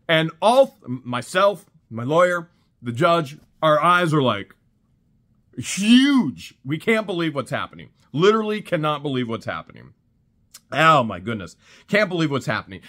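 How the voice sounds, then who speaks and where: Male vlogger, casual recap, lively and exclamatory, bright tone. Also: a little high. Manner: animated storytelling with laughs and exclamations. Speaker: channel host.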